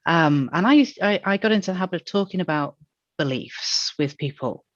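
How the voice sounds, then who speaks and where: A woman appearing as a podcast guest, speaking in a thoughtful, wry and self-deprecating way as she calmly explains ideas. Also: lowish voice, a little fast, no echo, lo-fi sound. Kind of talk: casual conversational podcast chat.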